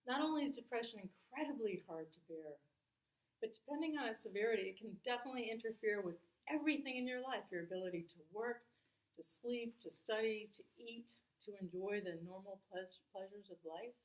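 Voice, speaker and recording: A woman's voice: fairly high pitch, lively intonation, a little fast. A middle-aged woman, a Buddhist teacher, giving a candid, personal dharma talk and asking her audience questions. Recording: roomy hall sound.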